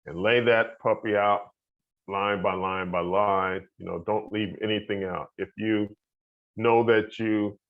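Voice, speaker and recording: Man with a low, folksy teaching voice. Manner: conversational, folksy, with fillers and occasional chuckles. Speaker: loan officer giving a home buyer presentation. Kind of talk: casual instructional presentation. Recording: dull lo-fi audio.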